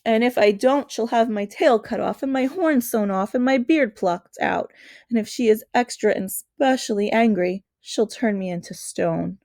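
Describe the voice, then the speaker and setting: A woman's voice: on the high side, normal speed, a little mellow, no echo, studio quality, natural voice. A woman voicing a courteous, remorseful male faun in a storybook reading, earnest and anxious in manner. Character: gentle, fretful male faun.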